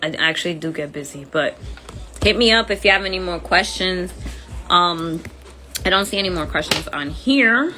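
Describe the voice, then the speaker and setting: A woman's voice: fairly low pitch, expressive, moderate pace, pushed and bright. A woman with an accent hosting a casual phone livestream, chatty and friendly, using informal slang. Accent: accented English. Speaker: livestream host.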